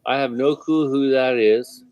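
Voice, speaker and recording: A man's voice: medium pitch, fairly even intonation, a little slow, darkish tone, smooth, no room sound, highs cut off. A man co-hosting a casual livestream, blunt and teasing, swearing often. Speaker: livestream co-host.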